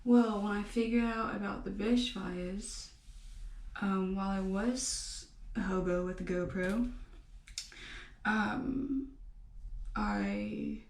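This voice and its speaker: A young woman rambling through a personal vlog, halting often with fillers and restarts. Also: medium pitch, gravelly. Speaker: vlogger. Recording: echoey room, mic at a distance.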